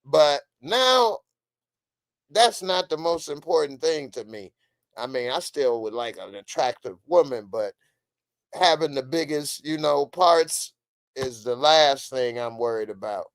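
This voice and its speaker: A man's voice: mid-range voice, measured pace, no room sound. Laid-back joking man, dry sound. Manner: laid-back, joking, loose slangy delivery. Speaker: show host. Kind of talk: casual live show review chat.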